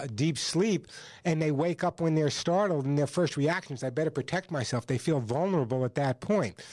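A man's voice: fairly high pitch, a little mellow, dry recording. A male radio host giving firm, repetitive advice to a caller on a call-in pet show. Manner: assertive, repeats points for emphasis.

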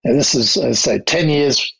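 An older man with an Australian accent, recounting his diplomatic career in a measured, anecdotal interview manner. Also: medium pitch, gravelly, fairly bright tone, breathy edge, rough recording. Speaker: guest, diplomat. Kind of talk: reflective interview storytelling.

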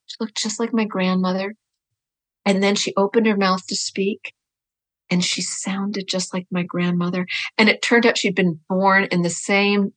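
A middle-aged woman, a writer and teacher, chatting as a guest in an interview, telling lively stories and laughing often. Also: medium pitch. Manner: animated storyteller, laughs often, loose and chatty. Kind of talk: conversational interview.

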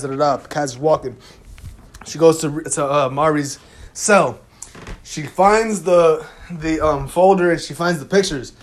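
A young man casually recapping TV episodes in an animated, slangy, profane storytelling manner. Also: on the high side. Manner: fills gaps with "da, da, da". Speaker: TV recap vlogger.

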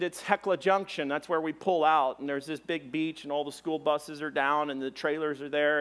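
A man preaching a sermon, telling a personal story with lively, animated delivery and raised voice for exclamations. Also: on the high side, clean tone. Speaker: pastor.

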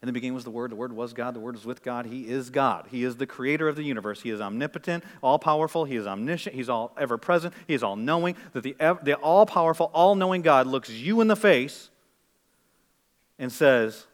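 A male pastor from the northern US preaching a sermon, moving from quiet explanation to loud, urgent exhortation. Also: mid-range voice, fast, hardly any pauses, in a large hall.

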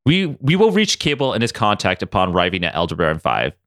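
A man voicing a calm, formal spaceship computer in a comic podcast story. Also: low voice, quick pace, dry recording, studio quality, pitched below the performer's own voice, full character voice.

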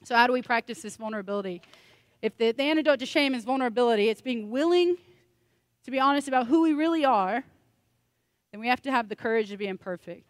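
Joking woman pastor, high voice. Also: expressive, fast, dry recording. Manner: conversational and joking, with self-deprecating asides. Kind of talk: sermon.

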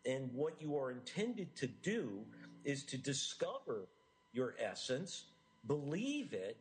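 A middle-aged man from the United States, an author being interviewed, talking in an earnest, animated way with frequent restarts. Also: medium pitch, slow, low-quality recording. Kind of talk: enthusiastic interview talk.

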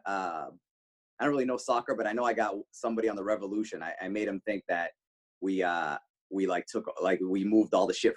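A male radio host, the guest, telling animated stories casually, swearing freely. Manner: animated, swears freely, jumps pitch for quoted lines. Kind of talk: casual storytelling.

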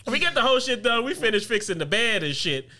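A man co-hosting a podcast, telling an animated, profane story in casual chat and laughing often. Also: very high voice, fast talker. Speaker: podcast co-host.

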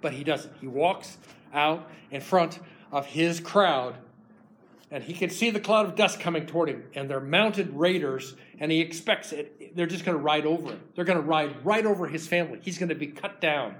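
Male preacher, slightly higher voice, casual storytelling sermon, voices the characters. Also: normal speed, a bit bright, low-quality recording. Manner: retells scripture casually, acting out voices with restarts.

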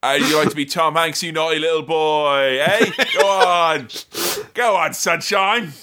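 A man voicing an aggressive male Cockney demon fortune-teller, gruff and taunting in a comedy podcast bit. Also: on the high side, a little slow, noisy background, lightly acted.

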